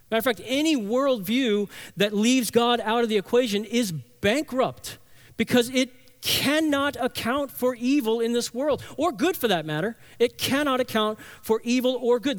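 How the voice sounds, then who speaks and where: A man preaching a sermon as pastor, earnest and emphatic, building points through repeated phrases. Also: high-pitched.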